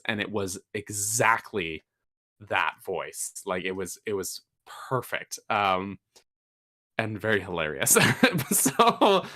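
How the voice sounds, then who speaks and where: A male podcast co-host talks in a pushed, bright, lowish voice. His casual chatter rambles along with fillers and restarts, turning emphatic whenever he drives a point home.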